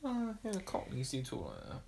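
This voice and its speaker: A woman's voice: extremely low pitch, wildly swooping pitch, moderate pace, gravelly, warm tone, slightly rough. A woman in her thirties from England, co-hosting a podcast with dry, wry, self-deprecating humour. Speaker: podcast co-host. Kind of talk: casual chat.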